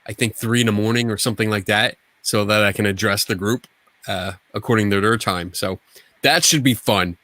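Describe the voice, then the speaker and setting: A man's voice: lowish voice, a little fast, bright, forceful tone, dry recording. A man co-hosting a podcast, chatting casually and rambling with frequent restarts and the odd curse. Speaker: podcast co-host.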